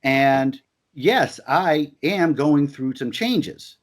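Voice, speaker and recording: A man's voice: a little high, expressive, drawn-out words. A man in a heated conversational discussion, talking emphatically and repeating his points with stammered restarts.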